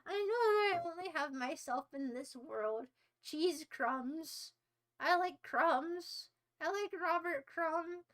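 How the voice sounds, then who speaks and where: A woman's voice: very high voice, expressive, slow pace, a bit bright. A young woman hosting a livestream, talking casually in a melodramatic, mock-despairing and playfully insulting way. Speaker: livestream host.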